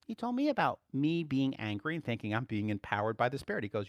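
A man's voice: mid-range voice, lively intonation, quick pace, no room sound, muffled recording. A man preaching a sermon in a conversational way, often checking in with his listeners and rising to emphatic bursts. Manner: frequent rhetorical check-ins. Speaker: pastor.

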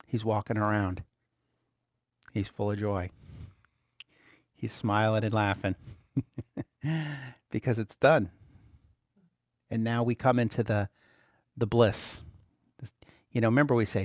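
A man teaching a Christian lesson in a conversational, lively way, chuckling often. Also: lowish voice, a little slow, long pauses, dry recording, studio quality. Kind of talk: informal spoken teaching.

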